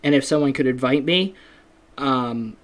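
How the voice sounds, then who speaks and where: A man's voice: medium pitch, unhurried. Male solo podcast host, loose and rambling, self-deprecating, natural fillers. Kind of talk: casual solo podcast chat.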